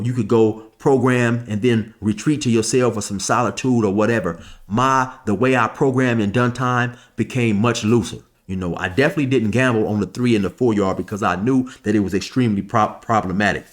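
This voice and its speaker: A man narrating a personal story in a casual, rambling way. He talks at a middle pitch and keeps it conversational, with asides and fillers.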